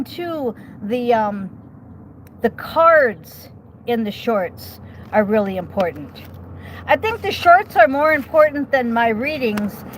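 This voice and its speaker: A woman's voice: fairly high pitch, slight background noise, poor audio. Chatty woman reading tarot outdoors. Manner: chatty, reassuring, many okays and rhetorical questions. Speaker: tarot reader.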